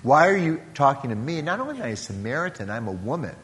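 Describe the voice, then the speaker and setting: A man's voice: mid-range voice, sing-song, fast, fairly bright tone, big-room sound. A man voicing a doubtful Samaritan woman. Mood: incredulous. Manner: incredulous, challenging questions.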